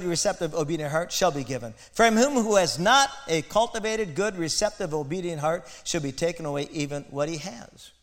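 A man preaching a sermon with passion, building to loud emphatic peaks and turning aside to his congregation. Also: on the high side. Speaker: pastor. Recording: long hall reverb.

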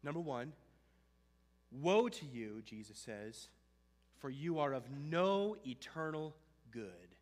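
A man preaching a sermon, emphatic, with dramatic pauses, reading and listing points, in a church with long reverb. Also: mid-range voice, big pitch swings, a little mellow. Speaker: pastor.

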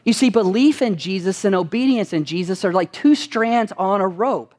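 A man's voice: high-pitched, animated, moderate pace, a little mellow. A man preaching a sermon as pastor, asking his listeners rhetorical questions and answering them with emphasis.

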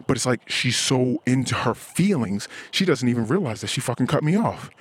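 A man talks into his mic as he walks along a quiet street outside. His voice is husky and very lively in pitch. He rambles and swears freely in a casual solo podcast rant. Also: a little fast. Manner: rambling, profane, frustrated; acts out quoted voices. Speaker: podcast host. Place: outdoors, walking in a cul-de-sac.

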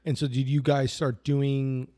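A man's voice: medium pitch, level tone, a little slow, mellow. A man hosting a casual interview, who mostly gives short affirmations and asks questions that ramble a bit. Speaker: interview host.

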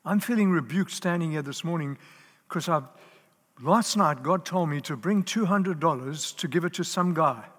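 A man's voice: on the high side, moderate pace, fairly bright tone. Earnest man preaching in a big hall. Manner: earnest, emphatic, with lists and repetitions. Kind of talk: sermon. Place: church hall. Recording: live in a large reverberant hall.

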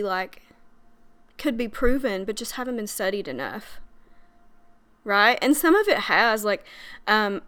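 A woman's voice: a little high, fairly bright tone, clean tone. A young adult woman hosting a podcast as a breathwork coach, talking in an earnest, chatty way with frequent fillers and little laughs. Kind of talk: casual monologue.

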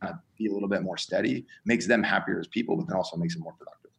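A man's voice: low voice, racing, vocal fry, a bit bright, rough recording. A man, a college strength coach, explaining his ideas in a casual podcast conversation, earnest and acting out examples as he goes.

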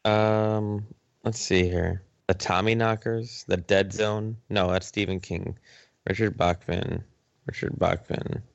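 A man's voice: lowish voice, slow pace, creaky, dry recording, muffled recording. A man hosting a casual podcast, reading out trivia questions with loose, profane banter. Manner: relaxed, swears often, laughs easily. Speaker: podcast host.

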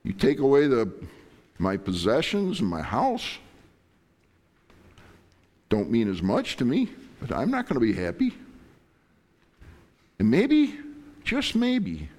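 A man's voice: medium pitch, huge pitch swings, takes it slowly, long pauses, darkish tone. A middle-aged man preaching a sermon as pastor, impassioned, acting out prayers and God's replies.

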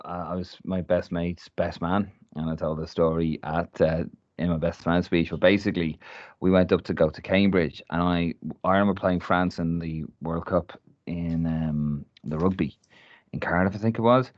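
A man's voice: low-pitched, fairly even intonation, moderate pace, no room sound. A man from Ireland telling a rambling, laugh-filled anecdote in casual podcast chat, swearing freely. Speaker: podcast co-host. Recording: muffled dry recording.

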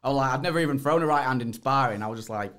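A man's voice: mid-range voice, very fast, fairly bright tone. A young man, a podcast guest who tells his fight stories in rambling casual chat, laughing and swearing often.

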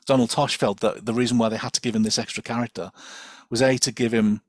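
A man on a podcast, chatting in an animated, digressive way. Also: medium pitch, quick pace, no room sound, clean studio sound. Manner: animated, digressive, many fillers and restarts. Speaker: podcast guest. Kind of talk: casual chat.

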